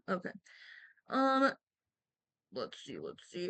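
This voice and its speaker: A woman's voice: fairly high pitch, big pitch swings, takes it slowly, pauses often. A young woman streamer casually reading a story aloud, breaking off into chatty, giggly asides.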